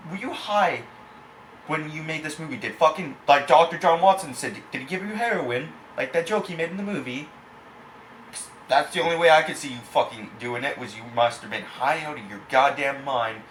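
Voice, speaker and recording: A man's voice: medium pitch, fairly bright tone. A man ranting angrily in a film review, swearing constantly and insulting the filmmakers. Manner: angry, profane, insulting. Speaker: movie reviewer. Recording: echoey room, faint background hiss.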